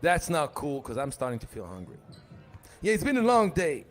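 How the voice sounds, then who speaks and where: A man's voice: on the high side, wildly swooping pitch, normal speed. A man doing live play-by-play commentary for a basketball tournament, joking and chatting between calls. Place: arena at a live 3x3 tournament.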